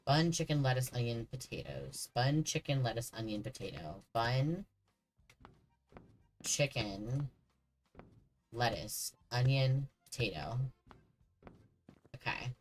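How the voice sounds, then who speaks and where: A man's voice: mid-range voice, slow, long pauses, faint music behind, rough recording. A man streaming a horror game, chatting casually and joking with the characters on screen. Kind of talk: casual gameplay commentary.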